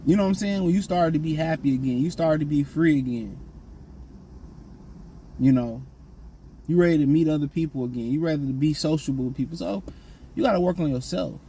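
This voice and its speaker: A man's voice: fairly high pitch, fairly quick, pauses often, mellow, slight background noise, poor audio. A man giving blunt, slangy dating and self-improvement advice in a casual, repetitive monologue.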